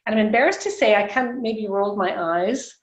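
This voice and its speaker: A woman in her sixties from Canada, a guest telling her story on a video call, animated, laughing often and acting out dialogue. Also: mid-range voice, brisk. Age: 60s. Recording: roomy, muffled video call audio.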